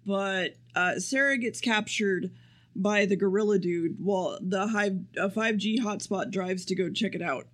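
A man with a notably high voice talks through a plot recap in loose, casual chat. He rambles, swears freely and slips into quick impressions of the characters. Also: a bit bright. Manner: rambling and profane, acts out quotes. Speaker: podcast co-host.

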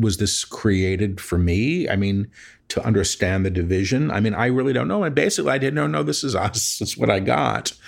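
A man's voice: fairly low pitch, creaky. A man being interviewed about his spiritual work, telling stories in a reflective, wry way. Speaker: interview guest, spiritual channeler. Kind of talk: conversational interview.

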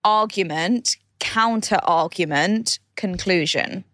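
A woman's voice: lowish voice, takes it slowly, fairly bright tone, no echo, studio quality. A woman co-hosting a casual chat podcast, teasing and playful with her co-host.

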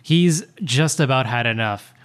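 Man, tabletop player, mid-pitched voice, curt insistent delivery. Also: expressive, measured pace, smooth. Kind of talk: tabletop role-play, in-character voice.

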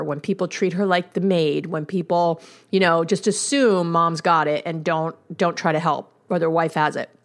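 A woman hosting a podcast as a couples therapist, telling a story about her young son in a chatty way, laughing at herself and swinging her voice up when she relives moments. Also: on the low side. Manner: chatty storytelling with frequent laughs and self-mockery. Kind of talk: casual podcast monologue.

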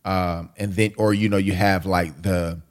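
A man from the United States with a somewhat low voice talks in a loose, conversational way. He tells stories with emphasis and plenty of casual slang. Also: measured pace. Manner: animated storyteller, slangy and emphatic. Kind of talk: casual chat.

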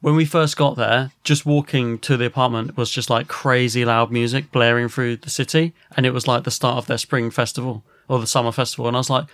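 A man, a podcast host, telling a rambling, animated story and swearing a lot. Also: mid-range voice, fairly quick, hardly any pauses, dry recording, studio quality. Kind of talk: casual storytelling.

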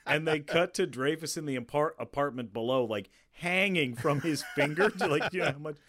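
A man's voice: fairly high pitch, fairly quick, no room sound, studio quality. A man casually recapping a comedy film in chat with a friend, swearing freely and acting out the scenes as he tells them. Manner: animated storytelling, swears freely, acts out scenes.

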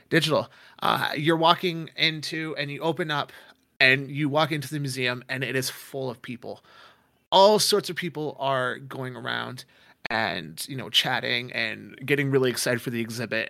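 A man's voice: mid-range voice, vocal fry, sharp tone, dry recording, clean studio sound. A man narrating a tabletop game as game master, rambling with many fillers.

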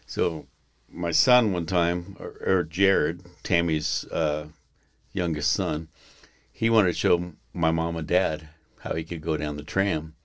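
A man's voice: sits low, fairly even intonation, takes it slowly, no room sound, studio quality. A man telling rambling stories in a casual podcast chat, often breaking into laughter at his own tales.

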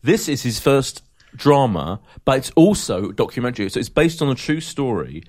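A man on a casual podcast chat, his voice at an average pitch but lively, swooping up and down as he gushes. He piles on praise and circles back to repeat himself. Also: normal speed. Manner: enthusiastic, gushing, repeats himself. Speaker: podcast co-host. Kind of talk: casual chat, enthusiastic recommendations.

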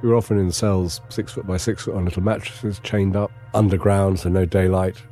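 Very deep-voiced English man, reflective. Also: level tone, mellow, soft background music. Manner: measured, understated, wry. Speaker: interviewee recounting his captivity. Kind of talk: reflective first-person testimony.

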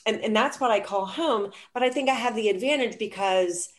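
A woman's voice: fairly high pitch, brisk. Reflective, hesitant woman novelist. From Mississippi, US. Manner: reflective, hesitant, many fillers. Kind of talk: casual conversation about writing.

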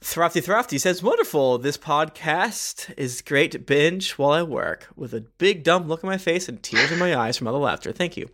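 A man co-hosting a casual podcast, reading listener reviews aloud with quick, offhand asides. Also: a little high, a bit bright. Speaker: podcast co-host.

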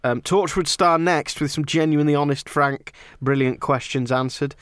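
A man's voice: a little high, normal speed, fairly bright tone, clean tone, no room sound, studio quality. A man hosting a podcast, chatting casually and teasing his guest. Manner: teasing, provocative. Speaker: host.

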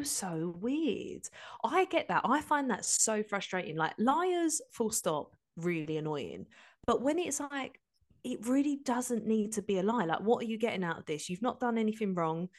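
A woman co-hosting a podcast in casual chat, rambling and exasperated. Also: mid-range voice. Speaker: podcast co-host.

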